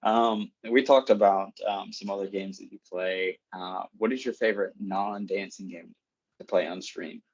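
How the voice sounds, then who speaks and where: A man co-hosting a casual podcast, asking relaxed, curious questions. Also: low-pitched, normal speed. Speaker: podcast co-host. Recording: dull lo-fi sound.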